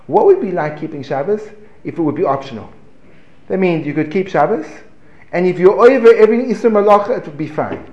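A man giving a lively Torah class, asking rhetorical questions, breaking off mid-phrase and chuckling as he teaches. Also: a little high, lo-fi sound. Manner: animated, rhetorical questions, self-interrupting and chuckling. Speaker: religious teacher. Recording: echoey room.

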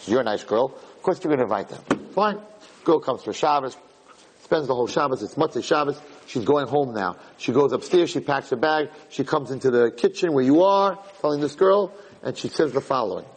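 A man's voice: mid-range voice, normal speed, husky, low-quality recording. A man, a rabbi, giving a storytelling Torah lecture and acting out the dialogue with animation.

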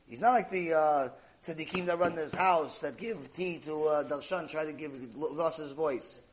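A man's voice: a little high, moderate pace, slight background noise. A man giving a Torah class, telling the story with animation and acting out the dialogue. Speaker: Torah lecturer.

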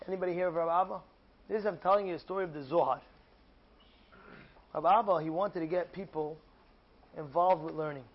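A man teaching as a rabbi, telling a story with lively emphasis and frequent repetition. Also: fairly high pitch, highs cut off. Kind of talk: storytelling Torah lesson.

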